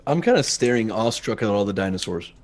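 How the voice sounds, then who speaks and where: A man's voice: fairly low pitch, animated, quick pace. A man playing a character at a tabletop game, chatting casually and playfully joking with the table. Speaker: player.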